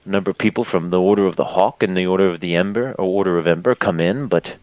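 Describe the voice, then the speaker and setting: A man's voice: deep voice, quick pace, a little mellow, no room sound, close to an everyday voice, poor audio. A man voicing a nervous, sweaty middle-aged male doctor who stammers and hesitates.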